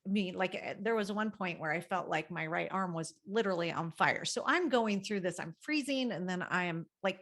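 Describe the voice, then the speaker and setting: A woman's voice: medium pitch, a bit bright. Candid, rambling middle-aged woman counselor. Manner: candid, rambling, with frequent fillers and laughs. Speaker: guest family counselor. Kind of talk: casual podcast conversation.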